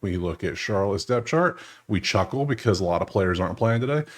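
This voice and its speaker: A man's voice: lowish voice, expressive, a little fast. A man hosting a sports betting channel, talking through games in a loose, joking way and chuckling often. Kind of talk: casual screen-share commentary.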